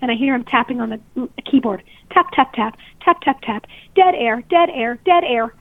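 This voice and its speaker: Woman caller, shaken and near tears, high voice, phone-line sound. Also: animated, moderate pace, no echo. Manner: upset, tearful storytelling. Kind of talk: telling a personal story to a radio host. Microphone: telephone. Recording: tinny phone line, dry.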